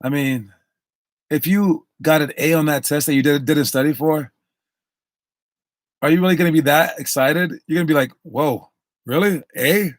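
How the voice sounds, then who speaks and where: A man's voice: a little high, fairly even intonation, normal speed, long pauses, no echo, studio quality. A man who coaches basketball, talking casually on a live stream, lecturing through a story and acting out the quotes.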